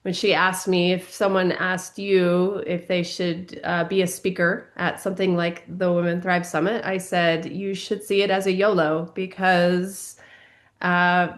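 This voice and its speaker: A woman's voice: on the low side, little pitch movement, a little slow. A woman giving an upbeat, encouraging talk to fellow speakers, with many fillers. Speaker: summit speaker. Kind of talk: informal speech to a group.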